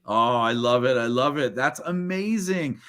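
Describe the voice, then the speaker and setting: A man's voice: medium pitch, expressive, measured pace, fairly bright tone, clean tone. A man hosting an online book launch over a video call, exuberant and jokey, rambling through frequent restarts.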